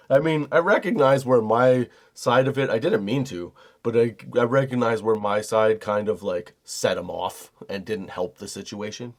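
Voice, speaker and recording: A man's voice: mid-range voice, a little mellow. A young man hosting a comedy podcast, telling a story in a profane, casual way and laughing often. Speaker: podcast host.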